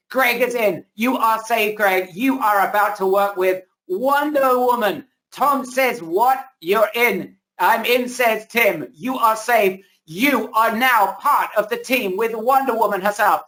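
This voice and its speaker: A man hosting a live webinar, pitching energetically and repeating himself, losing his voice a little. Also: a little slow, hardly any pauses, bright, forceful tone, low-quality recording. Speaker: webinar host. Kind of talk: hyped live sales pitch. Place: home, indoors.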